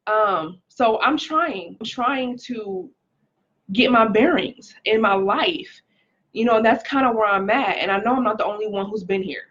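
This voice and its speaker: A woman's voice: mid-range voice, measured pace, fairly bright tone, dull audio. A woman giving an earnest, emotional testimony on a live stream as a life coach, reading viewer comments aloud. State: pregnant, recovering from stroke.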